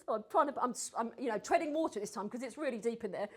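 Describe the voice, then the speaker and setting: A woman giving a lively talk on storytelling to a group, acting out her stories and sometimes dropping to a whisper for suspense. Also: fairly high pitch, rapid-fire, husky. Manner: animated, mimics accents, drops to whispers for suspense. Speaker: speaker on storytelling.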